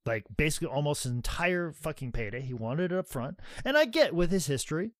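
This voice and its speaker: A man's voice: on the high side, very animated, fairly quick, no echo. Podcast co-host, male, loose rambling storyteller, swears freely, mimics others, dry recording. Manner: profane, rambling anecdotes with many "like"s; acts out others' voices while telling stories. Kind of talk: casual storytelling chat.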